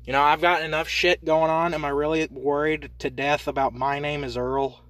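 Young male podcast host, bright and tense tone, profane rambling comic monologue with deadpan absurd asides. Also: on the high side, normal speed, no echo. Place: inside a parked truck.

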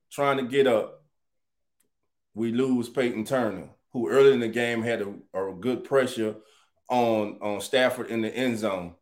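A man hosting a casual live sports chat, animated and greeting viewers by name. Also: mid-range voice. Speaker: sports talk show host.

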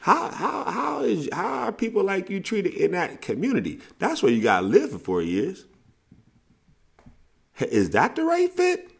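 A man's voice: high voice, unhurried, gravelly, slightly rough. A middle-aged man from the States, a podcast host and coach giving blunt, profane advice and telling stories with lots of repetition for emphasis. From Southern United States. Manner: animated storytelling, blunt and profane, repeats for emphasis. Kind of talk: casual advice talk.

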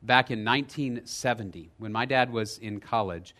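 A man preaching a sermon as pastor, telling a story with lively energy, dropping low and quiet for emphasis and rising loud in the retelling. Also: moderate pace. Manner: lively storytelling, checks in with "right?".

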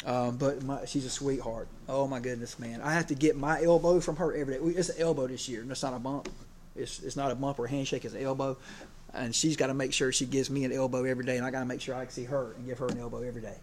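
Casting: male preacher, mid-pitched, chatty and unpolished, leans on "you know", tells homespun stories. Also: little pitch movement, quick pace, hardly any pauses, a little mellow. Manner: conversational, many fillers, gets emotional. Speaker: preacher and PE teacher. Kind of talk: sermon.

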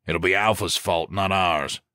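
A man voicing a gruff, sardonic older male SWAT veteran who gives wry, commanding orders. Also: deep voice, steady tone, a little slow, sharp tone, dry recording, studio quality.

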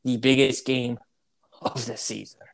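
A man's voice: mid-range voice, flat delivery, unhurried, vocal fry. A man co-hosting a casual sports debate show, talking animatedly and repeating his points to hype the game.

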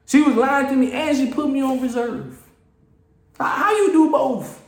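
A man with a high voice rants on a casual solo podcast in an animated, exasperated way. He stumbles, repeats himself and restarts his phrases. His voice echoes around a roomy space. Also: moderate pace, vocal fry. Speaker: podcast host.

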